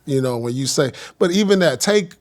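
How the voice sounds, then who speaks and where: A man's voice: fairly high pitch, expressive, a little fast. A man talking as a guest in a casual interview, explaining his view earnestly with frequent restarts.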